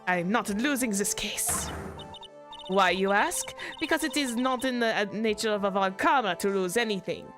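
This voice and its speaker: A woman's voice: medium pitch, moderate pace, voice pushed up, natural voice. An arrogant young prosecutor, put on by a woman streamer, who talks down to everyone in clipped, imperious lines. A faint French-tinged lilt colors her words, in a mid-range voice. Faint music plays behind her. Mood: scornful. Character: haughty young female prosecutor, arrogant and scornful.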